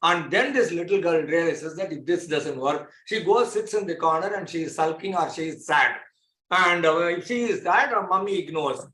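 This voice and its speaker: A man's voice: a little high, animated, moderate pace, pushed and bright. A man giving a lecture to a class, explaining with homely examples and repeating phrases for emphasis. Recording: echoey room.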